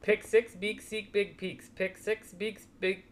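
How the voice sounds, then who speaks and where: A woman's voice: mid-range voice, steady tone, slow, slight background noise. A woman co-hosting a podcast, chatting casually in an upbeat, encouraging way. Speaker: podcast co-host. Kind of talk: casual chat.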